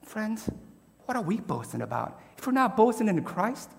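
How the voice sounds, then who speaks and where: A man's voice: sits high, big pitch swings, normal speed, gravelly, big-room sound. A man preaching a sermon as pastor, emphatic and conversational, asking his congregation rhetorical questions.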